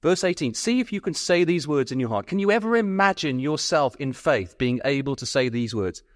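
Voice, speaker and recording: A man's voice: on the high side, very animated, a little fast, no room sound, clean studio sound. A man preaching a sermon at a Bible school, earnestly pressing his listeners with repeated questions and stumbling over his words when stirred.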